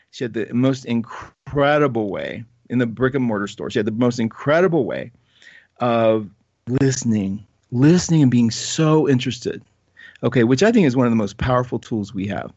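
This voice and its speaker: A man hosting an astrology talk show, chatting in a rambling, animated way with frequent asides. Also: medium pitch, dry recording, muffled recording. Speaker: radio show host, astrologer. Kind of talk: casual solo talk.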